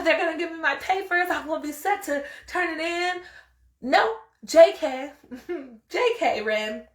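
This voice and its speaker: A young woman hosts her podcast and tells a story in a lively, exasperated way, acting out what everyone said. Her voice sits high. The room around her is echoey. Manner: animated, exasperated storytelling with quoted dialogue. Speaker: podcast host. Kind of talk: casual storytelling.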